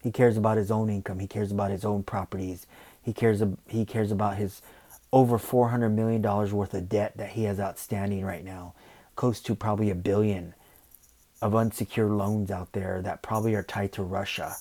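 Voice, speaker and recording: A man's voice: on the low side, little pitch movement, normal speed, mellow. A man hosting a podcast, ranting opinionatedly and often checking in with "you know" and "okay". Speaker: podcast host.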